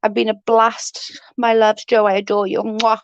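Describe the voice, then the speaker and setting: A forties-aged woman rambles through a casual live chat from home, often laughing and cursing without restraint. She speaks at normal speed in a smooth, level, rather high voice, captured in a dull, dry, lo-fi recording.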